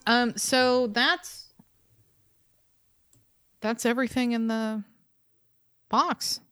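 A woman's voice: on the high side, very slow, a bit bright, smooth, no echo, soft background music. Chatty rambling woman podcaster. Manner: chatty, rambling, laughs often. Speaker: podcast co-host. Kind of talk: casual chat. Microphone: remote call recording.

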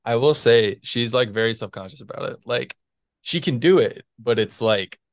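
A man's voice: medium pitch, normal speed, no room sound, studio quality. A man in his twenties, a physics PhD student, chatting casually as an interview guest, rambling with lots of fillers and little chuckles. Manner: rambling, chuckles between phrases, many fillers.

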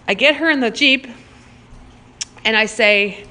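A woman telling a personal anecdote in a casual, animated way, swearing freely and saying "like" a lot. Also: a little high, slow, pauses often.

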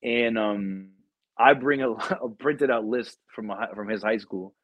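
A young male podcast host tells stories in a slangy, profane way, packed with fillers, during a casual chat. His voice is lowish and measured in pace, and the lo-fi audio is close and dry with no echo.

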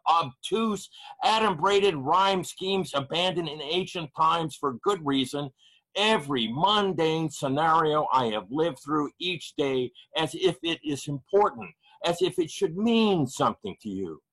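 A man reads spoken-word poetry over a video call, unhurried and measured. His delivery is heavy with grief, each phrase given room to land. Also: on the high side, a bit bright, breathy edge, poor audio. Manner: measured, heavy pauses, grieving. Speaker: poet reading at an open mic.

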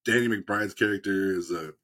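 A husky, lower-voiced man tells a show's plot in loose, rambling bursts. He swears freely and keeps breaking into laughter as he goes. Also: normal speed, pushed and bright. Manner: rambling, profane, laughing retelling. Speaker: podcast co-host. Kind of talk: casual chat, retelling a TV show.

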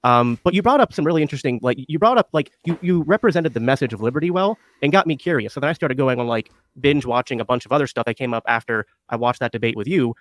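A man's voice: medium pitch, expressive, quick pace, few pauses, no room sound. A man on a podcast talking through his story with many hesitations and restarts. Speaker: podcast host. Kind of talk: conversational podcast interview.

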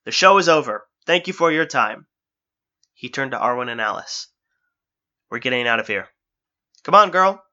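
A man's voice: medium pitch, lively intonation, moderate pace, pauses often, pushed and bright, dull audio. A man doing a cocky wisecracking hero. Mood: showman. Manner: breezy and wisecracking. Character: cocky, unflappable male adventurer.

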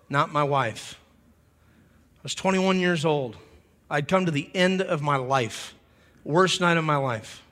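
A man preaching a humorous revival sermon, animated and often leaping into shouts. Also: fairly high pitch. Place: church hall. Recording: long hall reverb.

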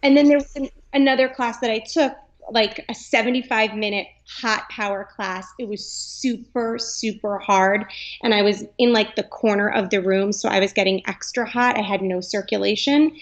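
A woman's voice: mid-range voice, steady tone, moderate pace. A young adult woman, a yoga teacher, talking earnestly in a podcast interview and filling her speech with "like.". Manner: earnest, chatty, lots of "like".

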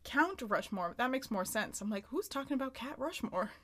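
A woman's voice: fairly high pitch, expressive, normal speed, a bit bright. A woman with a Western New York accent, co-hosting a podcast in casual chat, acting out characters' lines in loose impressions. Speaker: podcast co-host. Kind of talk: casual chat recapping a sitcom episode.

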